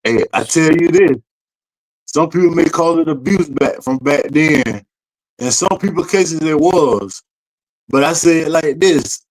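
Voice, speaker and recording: Guy, kinda high voice, telling a wild story about his mama, lots of slang and cussing. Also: measured pace, rough recording. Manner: animated storyteller with slang and profanity. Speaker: podcast co-host. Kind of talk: casual storytelling chat.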